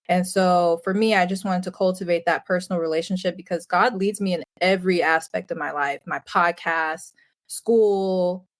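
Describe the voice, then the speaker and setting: A young woman co-hosting a casual podcast chat, talking earnestly and filling her sentences with "like". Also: on the low side. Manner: earnest, fillers of "like". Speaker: podcast co-host.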